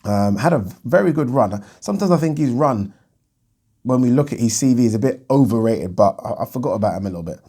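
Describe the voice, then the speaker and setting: A man's voice: medium pitch, lively intonation, a little fast, dark tone, husky. A man hosting his own boxing channel, chatting bluntly about the news and thinking aloud with plenty of ums. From United Kingdom. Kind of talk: casual solo commentary on boxing news.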